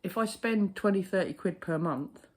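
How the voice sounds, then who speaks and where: A man chatting casually to camera, a postal worker telling stories in a blunt, sweary, animated way. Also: sits high, normal speed.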